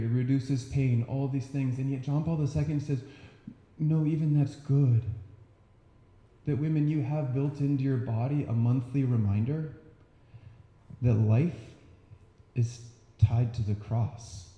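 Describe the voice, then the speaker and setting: Warm-voiced man giving an earnest talk. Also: mid-range voice, moderate pace, reverberant. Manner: earnest, animated, acts out quotes. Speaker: speaker. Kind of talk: faith talk to an audience.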